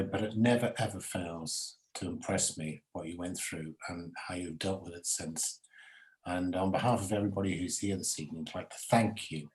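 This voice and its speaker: A man's voice: deep voice, poor audio. A man hosting an online event, thanking the speaker in an earnest, courteous manner over a video call. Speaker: event host. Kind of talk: formal thanks.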